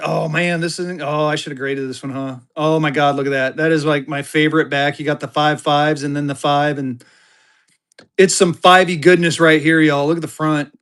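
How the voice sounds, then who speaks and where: Upbeat male livestream seller, slightly high voice, chatty and excited auction patter. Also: normal speed, clear, resonant tone. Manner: excited, chatty, talks straight to viewers. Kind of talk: live auction stream chat.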